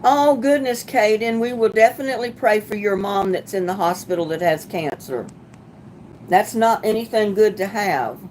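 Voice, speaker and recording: A woman's voice: mid-range voice, normal speed, a little mellow, slight background noise. Chatty woman hosting a livestream. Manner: chatty, sympathetic, laughs often. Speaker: livestream host. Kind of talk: casual livestream chat reading viewer comments.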